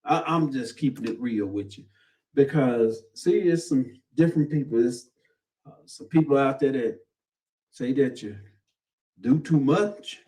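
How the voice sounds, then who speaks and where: A man's voice: medium pitch, a little slow, warm tone, far from the mic, rough recording. A man preaching a sermon. He repeats himself, calls on the crowd and acts out the voices he quotes. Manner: repetitive, call-and-response, acts out quoted voices.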